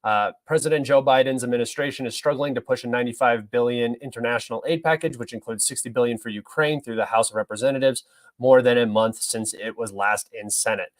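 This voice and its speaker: A man's voice: medium pitch, fairly even intonation, fast talker. A young man hosting a livestream, talking through news articles in an offhand, rambling, opinionated way. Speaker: livestream host. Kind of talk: casual livestream news commentary.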